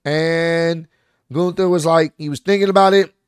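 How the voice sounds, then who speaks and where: A man hosting his own channel, casually recapping wrestling in an animated, slangy way and acting out what the wrestlers said. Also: on the high side, normal speed, clear, resonant tone, dry recording, clean studio sound. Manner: animated, slangy retelling with acted-out quotes.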